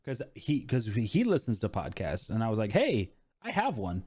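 A man on a casual podcast answers in a dry, laid-back way. His pitch moves widely, rising and falling as he talks. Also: wildly swooping pitch, moderate pace, darkish tone, slightly rough. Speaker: podcast co-host.

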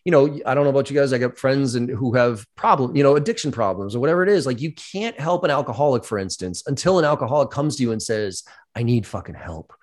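A man hosting a casual talk about sales, swearing freely and acting out scenes in quick voices. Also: mid-range voice. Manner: profane, animated storytelling with put-on voices. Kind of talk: casual conversation.

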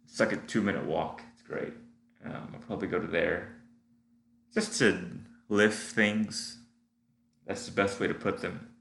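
Recording himself at a computer in his apartment, a man with a stuffy nose rambles as a solo audio diarist, his meandering talk packed with fillers and restarts. His voice is low, gravelly and a bit bright, with fairly even intonation and a slightly slow pace. The room echoes, and a faint hum sits underneath.

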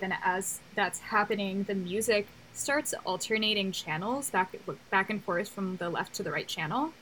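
A woman's voice: mid-range voice, moderate pace, hardly any pauses, fairly bright tone, a little hiss or hum, poor audio. A young woman co-hosting a casual chat, thoughtful and detailed, with fillers. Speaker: podcast co-host. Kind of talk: casual chat about an anime.

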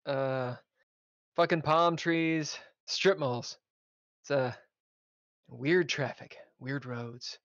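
A man's voice: medium pitch, steady tone, drawn-out words, long pauses, fairly bright tone, no echo. A man, a podcast guest, telling a casual road-trip story with swearing and laughter. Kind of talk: casual chat. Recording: dull lo-fi audio.

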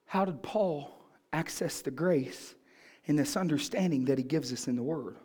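A man's voice: on the high side, moderate pace, mellow. A man pastor preaching a sermon, asking the congregation questions and building in fervor.

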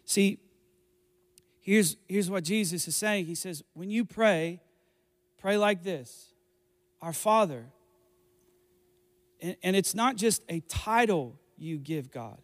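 Preaching a sermon as pastor, a man with a high voice takes it slowly, repeating phrases and restarting lines as he builds toward fervent emphasis. The recording carries a long hall reverb.

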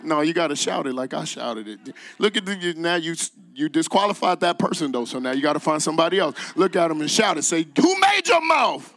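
A man preaching a sermon as a guest preacher on a church stage, animated, leading call-and-response with the congregation and laughing in asides. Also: fairly high pitch, fast talker, few pauses. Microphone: microphone.

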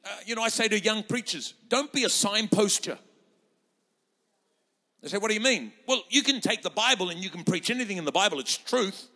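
A man delivers a sermon with fervent, rousing energy, his voice high and bright, swinging widely up and down as he leans into each point. He acts out the voices of the people he quotes from scripture. The sound rings out with a long reverb, as in a large hall. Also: lively intonation, a little fast, breathy edge. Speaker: pastor.

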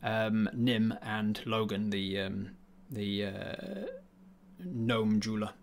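A man narrating a tabletop game as game master, halting and full of uhs and ums. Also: on the low side, gravelly.

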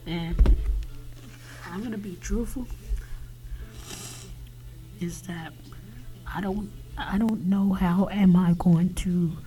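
A man talking alone on his podcast in a halting confessional monologue, often dropping to a whisper and swearing. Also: high voice, dark tone, poor audio. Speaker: podcast host.

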